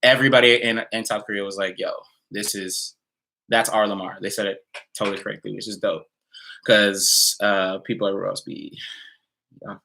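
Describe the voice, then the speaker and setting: A man's voice: on the low side, fairly even intonation, moderate pace, creaky, sharp tone. A man chatting casually on a home livestream, laid-back and slangy, reading out viewer comments. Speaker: musician streaming a live Q&A. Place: home, in Nashville.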